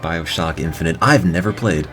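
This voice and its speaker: A man's voice: deep voice, moderate pace, a bit bright. A man from New Jersey giving dry, sarcastic commentary while playing a video game. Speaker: let's play commentator. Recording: game music behind the voice.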